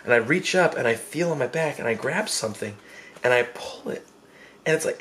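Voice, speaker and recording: A man in his twenties telling a comic story from his life, animated and self-mocking, jumping into squeaky quoted voices. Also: fast, a little hiss or hum. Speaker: vlogger.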